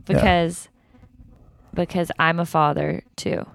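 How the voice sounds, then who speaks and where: A woman's voice: lowish voice, steady tone, slow, vocal fry, no room sound. A young woman co-hosting a casual chat with her father, playful and teasing. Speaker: podcast co-host, daughter.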